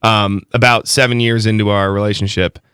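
A man's voice: on the low side, level tone, brisk, bright, forceful tone, smooth, no room sound, studio quality. A man, a guest musician, talking in a casual interview with many halts and restarts.

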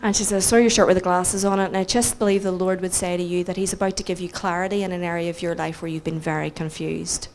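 A woman with a Northern Irish accent telling a story in a sermon, animated and self-mocking, acting out the people she quotes. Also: on the low side, quick pace, hardly any pauses, a little hiss or hum. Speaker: preacher.

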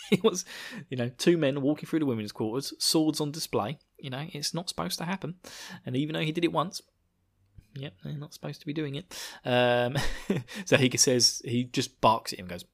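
Male podcast host, jokey, rambling casual talker. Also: a little high. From United Kingdom. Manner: rambling, jokey, laughs at own jokes. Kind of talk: casual chat.

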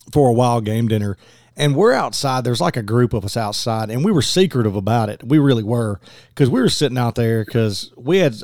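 A man's voice: medium pitch, a little mellow, dry recording, clean studio sound. A man hosting a podcast and chatting casually in a friendly, rambling way that repeats his words. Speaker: podcast host. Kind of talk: casual conversation.

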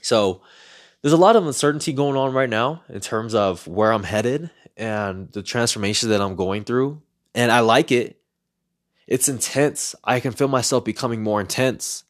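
Guy doing a solo podcast, earnest and reflective, middle-pitched, keeps repeating words as he thinks. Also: normal speed. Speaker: podcast host.

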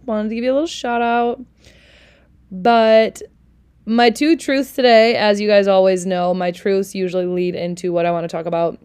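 Chatty young woman with a smooth voice. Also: on the low side, a little mellow. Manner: chatty, candid, self-deprecating, swears casually. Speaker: podcast host. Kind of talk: casual solo podcast monologue.

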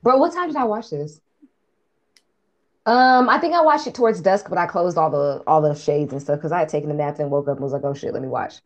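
Woman, podcast co-host, casual movie recap, profane, animated storyteller. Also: deep voice, brisk, dull audio.

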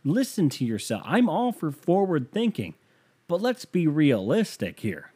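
A man's voice: on the high side, wildly swooping pitch, a little slow, warm tone, breathy edge. A young man hosting a podcast, riffing in a casual comedic monologue, rambling and wry with lots of fillers. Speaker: podcast host.

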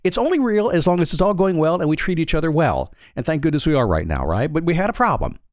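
A man's voice: on the high side, very animated, quick pace, no echo, clean studio sound. A man giving a blunt, emphatic motivational monologue in a folksy, preaching way. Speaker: motivational speaker.

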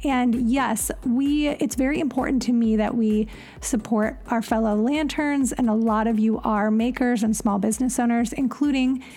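A woman's voice: a little high, steady tone, moderate pace, mellow. A woman hosting a podcast, chatting casually in an upbeat, gushing way. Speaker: podcast host.

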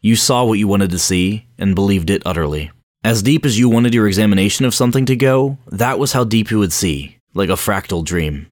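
A man's voice: lowish voice, brisk, no echo, clean studio sound. A man narrating a first-person audiobook in a brooding, introspective way.

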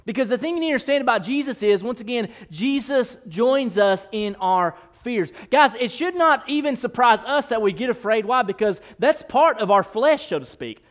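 A male pastor delivers a lively, joking sermon, often speeding up and then slowing down for emphasis. His voice sits high for a man. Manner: animated, playful, shifting pace.

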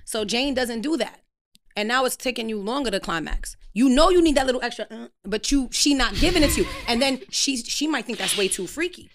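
A woman's voice: a little high, expressive, a little fast. Blunt, profane woman ranting. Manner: blunt, profane, preachy rants. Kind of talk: casual chat.

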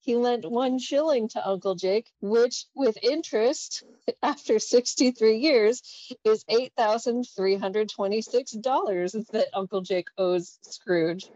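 Slow-speaking woman on a dull, dry line. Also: fairly high pitch, warm tone, dry recording. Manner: amused, laughs often. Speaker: podcast co-host. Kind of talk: casual chat, reading comic dialogue aloud.

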